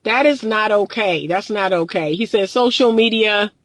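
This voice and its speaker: A woman coaching her viewers on relationships, speaking earnestly and driving points home by repeating them. Her voice sits at a middling pitch for a woman and comes across dry and close, with no room around it. She talks to her audience directly and informally. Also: normal speed, dry recording, poor audio. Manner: earnest, emphatic, repeats key phrases; addresses viewers as "y'all". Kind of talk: direct-to-camera monologue.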